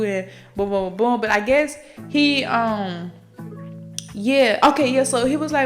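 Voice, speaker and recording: A woman's voice: a little high, normal speed, soft background music. A woman hosting a book podcast, recapping a story in a casual, slangy, profane way and talking straight to her listeners. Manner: chatty, slangy and profane, addresses listeners directly.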